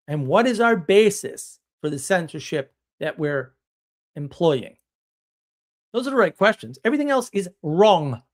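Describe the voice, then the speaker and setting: A man's voice: a little high, sing-song, unhurried. A man hosting a live stream, talking bluntly and emphatically, now and then mimicking other people as he tells stories. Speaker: host.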